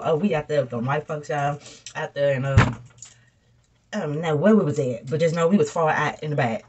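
This beauty vlogger is a young woman with a low-pitched voice who talks at a quick pace over some background noise. Animated and chatty, she tells stories during a casual makeup tutorial as she does her makeup, addressing her audience as "y'all" and "girl."

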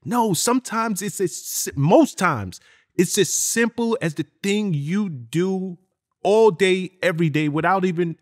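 A man's voice: sits high, measured pace. A man hosting an interview, reflecting earnestly and speaking straight to the listeners. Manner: earnest, emphatic, addresses listeners directly. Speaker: interview host.

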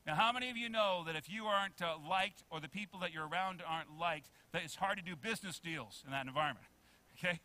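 A male pastor preaching a sermon in a church, animated, acting out quotes and asking the congregation questions. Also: a little high, fast. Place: church sanctuary.

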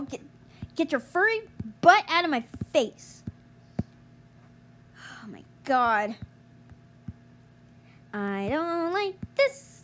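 Exasperated high-pitched woman gamer. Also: slight background noise. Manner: exasperated, groaning, yelling at other players. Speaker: gamer streamer. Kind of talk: frustrated gameplay commentary.

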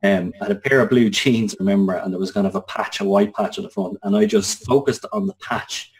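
A man's voice: lowish voice, fairly even intonation. An Irish man in his thirties, a guest telling a personal story with many restarts. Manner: halting, many restarts and fillers. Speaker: interview guest.

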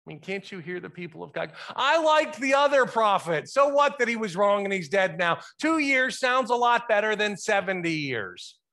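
A man's voice: sits high, very animated, normal speed, few pauses, sharp tone, pitched above the performer's own voice, full character voice. A man voicing one of God's people as a whiny, petulant complainer in a church sermon. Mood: whining. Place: church sanctuary.

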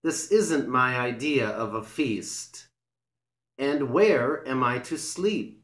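A man's voice: medium pitch, expressive, slow pace, fairly bright tone. A man voicing Johnny Town Mouse, boastful. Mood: scornful. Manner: scornful, show-off. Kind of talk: storybook reading. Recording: roomy echo.

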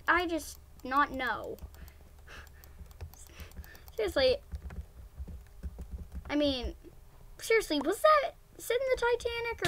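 Bright, high-pitched excitable woman gamer. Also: slight background noise. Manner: excitable and giggly, exclaims often. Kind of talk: casual gameplay commentary.

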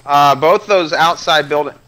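Man gamer on voice chat, higher voice, bright and forceful tone, joking with teammates. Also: a little slow, slight background noise. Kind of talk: casual voice chat during a co-op game.

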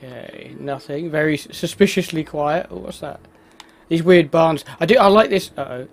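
A let's play host gives casual, self-deprecating commentary as he plays a video game, chatting, exclaiming at what happens on screen, and laughing at himself. His voice is fairly high and creaky, at a normal speed.

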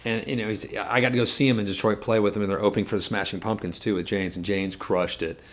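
A man who co-hosts a guitar shop channel, telling a story in casual chat. He rambles, jokes and makes quick asides. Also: on the low side, fairly even intonation.

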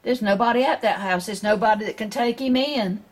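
A woman with a Southern US accent reads a picture book aloud to children, gently stopping to ask her listeners questions. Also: on the high side, brisk. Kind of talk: storybook read-aloud.

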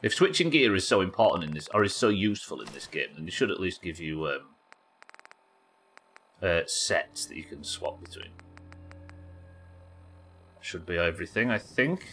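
A man's voice: deep voice, big pitch swings, normal speed, long pauses, a bit bright, slight background noise. A man livestreaming a game, chatting, swearing and thinking aloud. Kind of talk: casual gameplay commentary.

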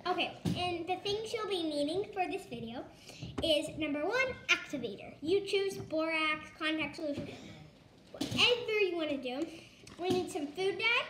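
A woman's voice: very high-pitched, animated, normal speed. A young girl hosting a casual slime-making vlog at home, chatty and bossy as she directs her brother. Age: child. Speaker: vlog host. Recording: noisy home recording.

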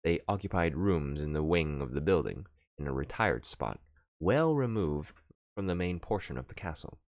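A man with a low voice narrating a classic novel for an audiobook, reading expressively with wide swings of pitch. The sound is close and dry, with no room around it. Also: animated, moderate pace, dry recording.

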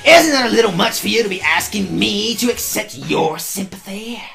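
A let's play host reading game text aloud and mocking it sarcastically, swearing and yelling back at the characters. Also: mid-range voice, lively intonation, moderate pace, creaky, faint music behind.

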